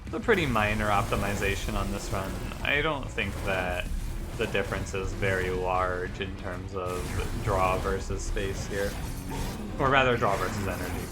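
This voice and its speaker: A young man streaming a card game, giving casual commentary in a rambling, chatty way full of quick self-corrections. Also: low voice. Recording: game music playing behind the voice.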